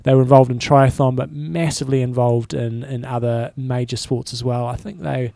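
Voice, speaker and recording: A man co-hosting a casual podcast, rambling in a relaxed way with frequent restarts. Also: mid-range voice, moderate pace, creaky, no echo. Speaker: podcast co-host. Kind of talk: casual chat.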